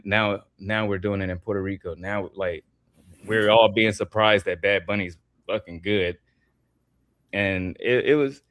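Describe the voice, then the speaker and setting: Interview guest, male, lowish voice, dry close sound, rambling restarts, casual swearing. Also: fairly bright tone, dry recording. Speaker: interview guest, former wrestler and artist. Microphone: video call.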